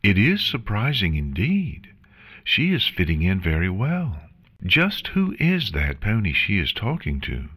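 A man's voice: on the low side, wildly swooping pitch, measured pace, a bit bright, husky, pitched above the performer's own voice, exaggerated voice. A man voicing a formal, remorseful pony princess of the night in a fan fiction reading, speaking in an earnest, emotional way.

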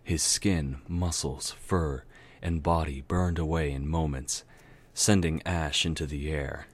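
Very deep-voiced man reading a story. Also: slow pace, slightly rough. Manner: steady narration with occasional self-corrections. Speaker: amateur story reader. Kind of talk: dramatic reading of fan fiction.

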